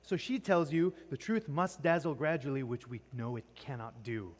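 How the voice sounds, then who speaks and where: A medium-pitched man speaks at a moderate pace while teaching a poetry class in a church classroom. He repeatedly quizzes students and tags "right?" onto almost every point, and the audio has a long echoing reverb.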